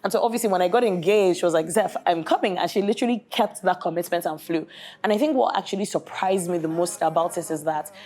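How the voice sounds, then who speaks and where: A woman's voice: on the low side, quick pace. A young woman from Nigeria, a guest, telling a story in casual chat with lots of "like" and "literally". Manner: animated storyteller who often says "like" and "literally". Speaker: guest bride.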